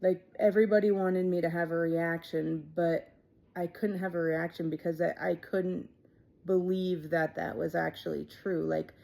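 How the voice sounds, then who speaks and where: A woman in her thirties telling her own life story in a casual, halting way, with many fillers and quiet trailing asides. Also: lowish voice, steady tone, vocal fry. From Ohio, USA.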